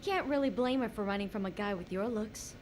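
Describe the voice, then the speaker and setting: A woman's voice: mid-range voice, fairly quick, noisy background, natural voice. An actress playing a firm, businesslike young female federal agent in a video game cutscene.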